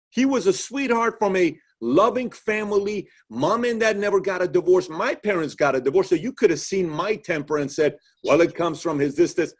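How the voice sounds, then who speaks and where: A husky, slightly high-pitched man hosts a casual interview. He tells stories with energy and acts out what people said. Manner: animated storytelling, acts out quotes. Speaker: podcast host.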